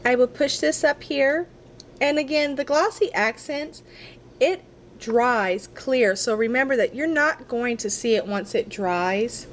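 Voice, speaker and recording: Working at her craft table, a woman talks herself through a casual crafting tutorial, chatty and a bit apologetic. Her voice is high and a little slow, with a slight hiss or hum in the recording.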